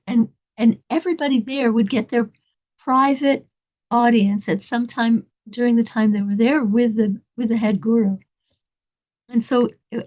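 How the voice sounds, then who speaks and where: Woman, inspirational storyteller, high voice, animated, dramatic. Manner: animated, dramatic, laughing often.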